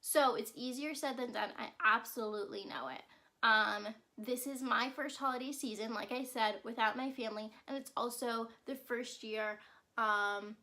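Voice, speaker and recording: This is a young woman hosting her own self-care show, speaking casually and sincerely to her audience. Her voice is bright and sits a little high. She keeps checking in with "right?" and fills her pauses with "um". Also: fairly even intonation. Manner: chatty and earnest, frequent "right?" and "um". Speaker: self-care podcast host. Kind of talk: casual solo vlog talk.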